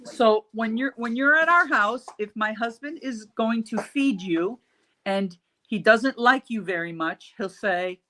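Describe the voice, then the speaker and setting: A woman's voice: on the high side, measured pace, pushed and bright. A middle-aged woman hosting a casual chat, telling a story with salty mock outrage. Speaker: host.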